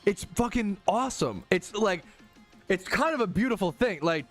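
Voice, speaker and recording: A young American man ranting casually and profanely to his stream chat, heated and animated. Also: sits high, normal speed, faint music behind. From United States.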